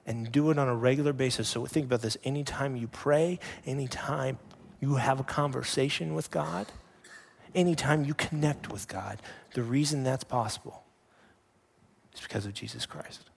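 A man in his thirties, a pastor preaching a sermon with animated storytelling that drops to hushed emphasis. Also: medium pitch, moderate pace, creaky, breathy edge.

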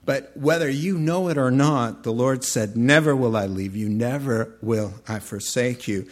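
A man preaching a sermon in a conversational, animated way, acting out short voices as he tells stories. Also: mid-range voice, a little slow. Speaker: pastor.

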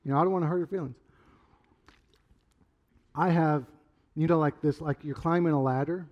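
A middle-aged man preaching a sermon in a loose, conversational way, rambling through stories and sometimes shouting. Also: a little high, steady tone, normal speed, dull audio. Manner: conversational, rambling storyteller with sudden loud outbursts. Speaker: pastor.

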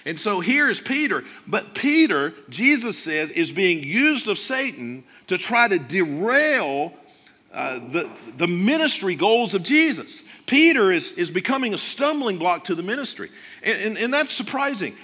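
A male pastor preaching a sermon, animated, acting out the lines he quotes. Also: fairly high pitch. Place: church sanctuary. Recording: long church reverb.

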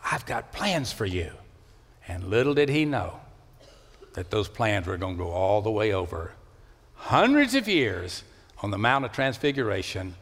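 A man preaching a sermon in a church, swinging between loud rising calls and low hushed lines. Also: very animated, measured pace. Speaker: pastor. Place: church sanctuary. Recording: long hall reverb.

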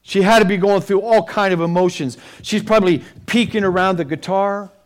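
High-pitched male preacher; vivid, dramatic Bible storytelling. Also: fairly quick. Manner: dramatic, storytelling, with rising and falling intensity. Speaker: pastor. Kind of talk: sermon.

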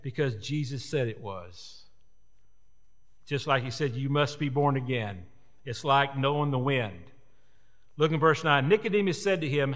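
A man's voice: medium pitch, expressive, moderate pace, fairly bright tone, long reverb tail. A man preaching a sermon in an earnest, repetitive cadence. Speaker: pastor.

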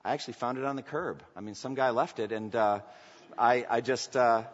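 A sheepish husband stammers and halts through clumsy excuses, as a male preacher acts him out. The voice is slightly husky and rings with a long hall reverb on a dull, lo-fi recording. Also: medium pitch, natural voice. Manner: hesitant, stammering, halting. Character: sheepish husband fumbling excuses about a cheap gift. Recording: echoey church hall, dull lo-fi sound.

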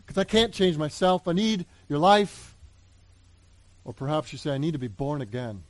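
Male pastor with a high voice, preaching earnestly, dry close sound. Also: animated, normal speed, no echo. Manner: earnest preaching, swings between loud appeals and hushed asides. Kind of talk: sermon.

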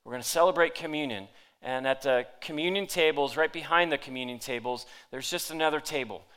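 A man preaching to a congregation, his tone bright and forceful and his pitch sitting a little high. He reads scripture aloud with dramatic emphasis. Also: a little fast, clean tone. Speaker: pastor. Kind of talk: sermon. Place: church hall with audience.

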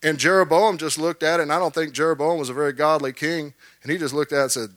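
A man preaching a sermon, animated, repeating words and calling for amens from the congregation. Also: a little high, fast talker, hardly any pauses, no echo, clean studio sound.

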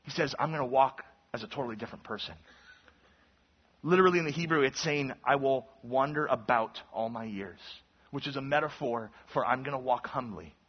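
A man's voice: medium pitch, brisk, husky, muffled recording. A man preaching an earnest sermon, teaching through a passage with emphatic, rising intensity. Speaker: pastor.

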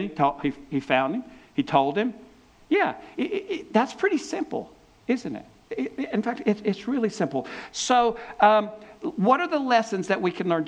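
A man giving a conversational Bible teaching. He retells the passage with animation and often restarts his sentences. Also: fairly high pitch. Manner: animated storytelling with repeated restarts. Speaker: preacher.

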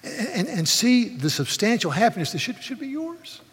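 A man preaching a sermon as pastor, animated, often restarting words as he goes. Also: very high-pitched, normal speed, slightly rough. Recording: long reverb of a large hall.

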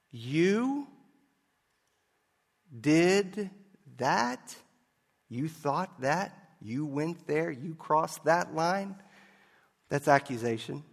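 A man preaching a sermon as a pastor, telling a story and moving between loud and hushed delivery. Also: medium pitch, big-room sound.

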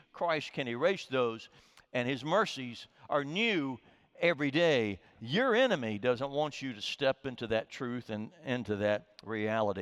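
A man's voice: a little high, fairly bright tone, in a large hall. A man preaching a sermon as pastor, earnest and emphatic, his delivery rising and falling.

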